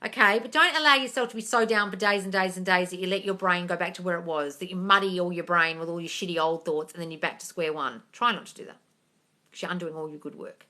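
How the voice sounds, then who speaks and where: A woman's voice: on the low side, fast talker. A young adult woman hosting a casual live question-and-answer stream, blunt and sweary, calling her viewers darling. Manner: animated, jumps into loud excited bursts.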